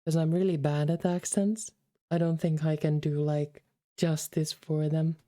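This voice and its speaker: Woman game streamer, casual and affectionate, keeps calling viewers darlings. Low, dark tone. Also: little pitch movement, a little slow, dry recording, clean studio sound. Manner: chatty and affectionate, calls the chat darlings. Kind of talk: casual livestream chat while reading a game.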